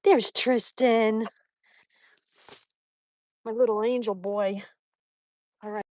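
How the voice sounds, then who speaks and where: A woman's voice: a little high, steady tone, slow pace, a little mellow, no room sound. A woman hosting a live stream on a morning walk outdoors, chatting with viewers, reading their comments aloud and baby-talking to her dog. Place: outdoors at a mountain park.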